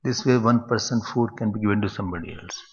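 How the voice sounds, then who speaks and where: A man, a swami giving a spiritual discourse in an animated manner. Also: fairly low pitch, fast, husky. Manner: animated, acts out quoted scoldings, chuckles at his own jokes. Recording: muffled recording in a reverberant hall.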